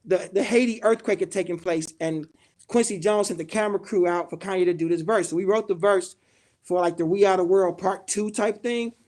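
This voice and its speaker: A middle-aged man from Chicago, a guest in a podcast studio, telling a story in a loose, animated way and swearing freely. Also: sits high, fairly quick. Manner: animated, acts out quoted dialogue, swears freely. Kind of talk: casual storytelling in a podcast interview.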